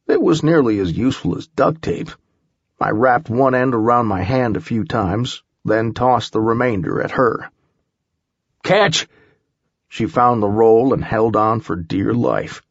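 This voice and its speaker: A man narrating a first-person audiobook in a measured, steady storytelling manner. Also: fairly low pitch, gravelly, slightly rough, no echo, highs cut off.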